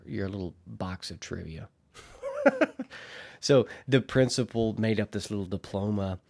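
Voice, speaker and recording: A man hosting a casual solo podcast, telling a story in a chatty, rambling way and laughing at himself. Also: on the low side.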